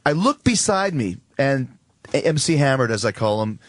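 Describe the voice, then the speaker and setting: A man's voice: mid-range voice, big pitch swings, normal speed, no room sound, studio quality. A man in his forties, a wrestler guest on a radio talk show, telling profane anecdotes casually and acting out the other voices. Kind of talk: casual storytelling.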